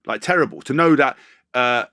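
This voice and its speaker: A man's voice: medium pitch, normal speed, sharp tone, no room sound, clean studio sound. A man hosting a podcast interview, earnest and rambling, often restarting his sentences. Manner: earnest, rambling, self-correcting. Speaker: podcast host. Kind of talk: conversational interview.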